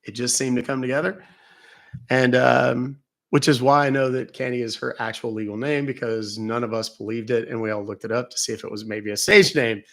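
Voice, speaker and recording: Speaking fairly quickly with fairly even intonation, this livestream host has a medium-pitched, fairly bright voice with vocal fry. He calls scammers, and in between he chats casually, joking, storytelling and laughing at himself.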